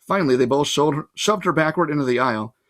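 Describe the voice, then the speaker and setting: A man's voice: on the high side, expressive, fast, fairly bright tone. A man, possibly a teacher, reading a novel aloud to his listeners in plain first-person narration with casual asides. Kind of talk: storybook read-aloud.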